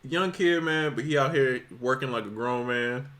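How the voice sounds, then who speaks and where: A man's voice: mid-range voice, normal speed, a bit bright. A man co-hosting a live podcast, chatting casually in slangy, laughing banter. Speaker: podcast co-host. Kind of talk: casual chat. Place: livestream podcast.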